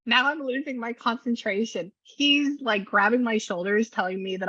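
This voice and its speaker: A woman's voice: medium pitch, normal speed, hardly any pauses, fairly bright tone, slightly rough, no echo, highs cut off. A woman working as a psychic medium, chatting animatedly with a client and often laughing. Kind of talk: reading session with a client.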